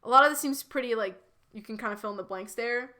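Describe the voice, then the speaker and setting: Bright chatty lady streaming a fanfic read, laughs a lot, trips over her words. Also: on the high side, quick pace. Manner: chatty, laughing, lots of restarts. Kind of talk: live fanfiction reading with commentary.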